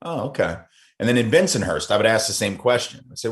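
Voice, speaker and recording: Interview guest: American man, low-pitched voice, animated storyteller who acts out quotes, many ums and self-corrections. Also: fast. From United States. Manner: thinks aloud with frequent ums and restarts. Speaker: podcast guest, anti-racism author and speaker. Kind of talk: conversational interview.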